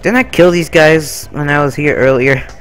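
A man's voice: fairly high pitch, moderate pace, smooth. A young man giving laid-back, giggly gameplay commentary with swearing and silly asides. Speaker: let's play gamer.

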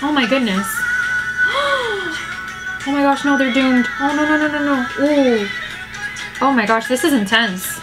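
A woman's voice: high-pitched, moderate pace, poor audio. A woman hosting a music video reaction vlog, full of gasps and emotional exclamations. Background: music video playing.

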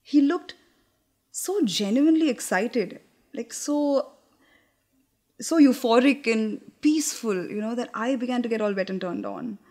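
A woman's voice: a little high, expressive, a little slow, mellow. Candid young woman in a stage monologue. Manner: candid, confiding, wry, with hesitant restarts. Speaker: actress. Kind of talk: theatrical monologue.

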